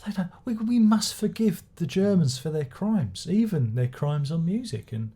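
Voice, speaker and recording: A man's voice: on the high side, lively intonation, unhurried, mellow, slightly rough. A man giving a rambling, sardonic album review, swearing and restarting his sentences as he goes. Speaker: music reviewer. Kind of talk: casual spoken album review.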